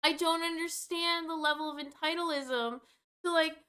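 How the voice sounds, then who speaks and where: A young woman with a high voice tells a storytime rant straight to camera. Her tone is bright and sharp-edged, and she is exasperated and rambling, with casual swearing throughout. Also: fairly even intonation, normal speed. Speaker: vlogger.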